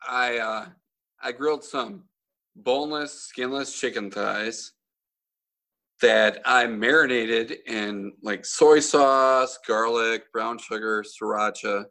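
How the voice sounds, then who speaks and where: A man's voice: mid-range voice, slow, pushed and bright. A man on a podcast, telling a story in casual chat, swearing and laughing often. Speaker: podcast host.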